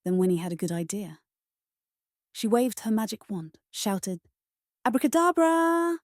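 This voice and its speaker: A woman narrating a children's storybook in a gentle, measured read-aloud manner. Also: lowish voice, dry recording, studio quality.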